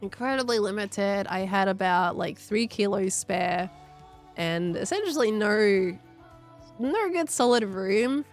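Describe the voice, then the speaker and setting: A young woman talks casually into a desk mic during a livestream, her voice strained and slightly congested from overuse. She rambles warmly from one story to the next, at an ordinary middle pitch. Soft music plays faintly underneath. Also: lively intonation, takes it slowly. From Australia. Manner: chatty, rambling, thanks viewers between stories. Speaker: streamer.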